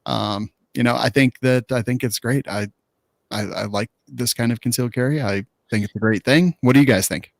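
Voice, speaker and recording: A man's voice: medium pitch, vocal fry, no room sound, clean studio sound. A man hosting a casual news commentary podcast, talking loosely with fillers. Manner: quick, loose delivery with fillers. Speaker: host.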